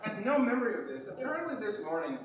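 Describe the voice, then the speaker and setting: A man's voice: sits high, sing-song, fast. A young man improv performer bantering onstage, wry and self-deprecating, playing emcee to the audience. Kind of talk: live stage comedy banter. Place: theater stage. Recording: echoey theater hall from far off, noise.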